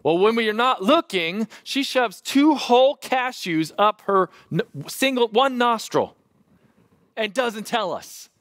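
A man in his thirties, a pastor preaching a sermon and telling a lively family story with self-deprecating humor. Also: very high-pitched, measured pace, no room sound.

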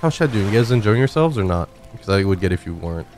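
Through a studio dynamic microphone, a man streaming a climbing game talks frantically to chat, cursing and laughing at himself in live gameplay commentary. His fairly low, darkish voice swings widely in pitch at a quick pace, with slight background noise.

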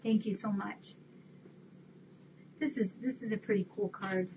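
A woman's voice: mid-range voice, steady tone, measured pace, slight background noise. A woman hosting a webcam stream, chatting casually as she reads holiday cards aloud and thanks the viewers who sent them. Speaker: shelter webcam host. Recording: dull lo-fi webcam audio.

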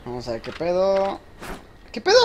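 A man with a Mexican accent giving casual gameplay commentary as a streamer, excitable and quick to protest, repeating himself. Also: sits high, highs cut off, a little hiss or hum. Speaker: gaming streamer.

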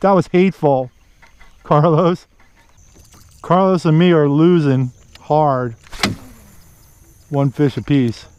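A man filming himself bass fishing from a boat outdoors, cheering on every catch with casual commentary. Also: slow, pauses often, dull audio, a little hiss or hum. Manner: excited, cheers on fish with stock phrases. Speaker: fishing vlogger.

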